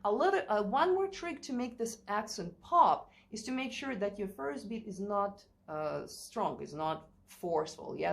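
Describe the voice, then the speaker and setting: A woman's voice: mid-range voice, animated, moderate pace, vocal fry. A woman teaching a play-along piano lesson in a chatty way, thinking aloud and singing rhythms. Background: piano playing.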